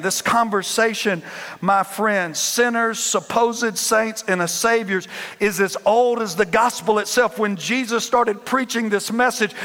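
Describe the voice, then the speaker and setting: A man's voice: high voice, fairly bright tone. A man preaching a sermon from the pulpit of a church, emphatic and repetitive, with call-and-response lines. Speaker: pastor. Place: church sanctuary. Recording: long hall reverb.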